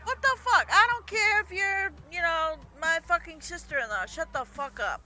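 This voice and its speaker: A woman streaming a driving game, swearing and shouting at other drivers and laughing often. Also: extremely high pitch, expressive, moderate pace. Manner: brash, profane, yelling at other drivers. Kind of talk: casual gameplay commentary. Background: game music.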